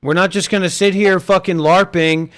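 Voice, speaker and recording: A man's voice: sits high, fairly even intonation, normal speed, fairly bright tone, clean tone. A man hosting an online voice chat stage, talking casually, crude and swearing, trading insults.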